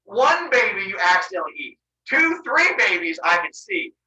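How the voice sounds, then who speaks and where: A man doing a shrill fed-up goddess wife. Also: lively intonation, moderate pace, sharp tone, echoey room, distant mic, heavily acted, rough recording. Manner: shrill, indignant, stammering. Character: exasperated young mother goddess, fed up wife.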